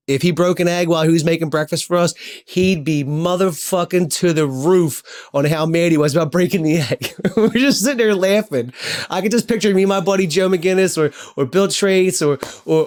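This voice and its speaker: A man's voice: on the high side, a little mellow. A man in his forties telling personal stories in a heartfelt, rambling way, repeating himself and swearing casually. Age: 40s. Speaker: podcast host. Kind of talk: personal storytelling monologue.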